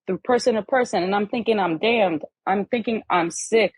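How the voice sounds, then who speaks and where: A woman's voice: medium pitch, normal speed, darkish tone, slightly rough, no room sound, poor audio. A woman guest on a podcast in casual conversation, telling stories animatedly and acting out the voices of the people in them.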